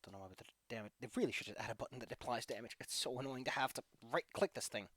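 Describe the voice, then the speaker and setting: Man GM, playful combat narrator, middle pitch, dry close recording. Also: rapid-fire, fairly bright tone, no room sound. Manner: chatty, joking narration of combat. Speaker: game master. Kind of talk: running a tabletop game online.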